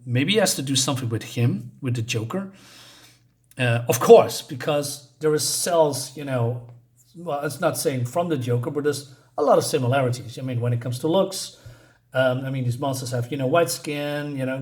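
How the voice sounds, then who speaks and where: A man reviewing a comic book in a casual, rambling way, full of fillers and small chuckles. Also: fairly high pitch. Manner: rambling, hesitant, many fillers; chuckles between points.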